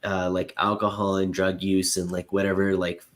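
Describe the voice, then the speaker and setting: A man's voice: deep voice, completely flat delivery, moderate pace. A man on an online panel, asking long, rambling questions full of fillers. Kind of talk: casual debate chat.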